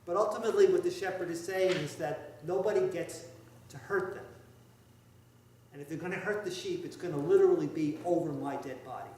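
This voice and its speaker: A priest delivering a conversational, wry and emphatic sermon, with asides to the congregation. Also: male voice, a little high, a little mellow. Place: church sanctuary. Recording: echoey church, heard from far off.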